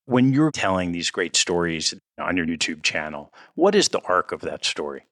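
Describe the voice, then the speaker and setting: A man with a very deep voice hosts a podcast and asks a short, direct question. His pitch moves in a lively way. The sound is close and dry. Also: normal speed, dry recording. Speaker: podcast host. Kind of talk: interview question.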